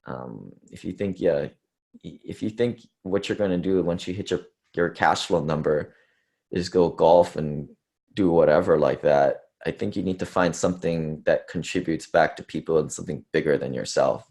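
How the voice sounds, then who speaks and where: A man's voice: low voice, normal speed, vocal fry, a little mellow. A man speaking casually at an investor conference, rambling with fillers and self-deprecating asides. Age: under 30s to early 40s. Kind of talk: casual presentation talk.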